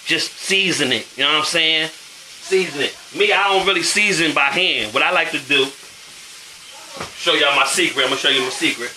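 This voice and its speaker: A man with a higher voice talks briskly while hosting a casual cooking show in his home kitchen, food frying as he chats in slang and keeps asking if you know what he's saying. The audio is reverberant and very noisy.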